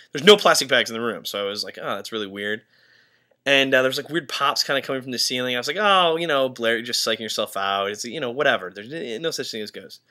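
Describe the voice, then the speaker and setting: Young man, vlog to camera, rambling storyteller, bright and animated delivery. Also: medium pitch. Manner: rambling, lots of "like", escalating panic. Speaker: tour crew member. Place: hotel room.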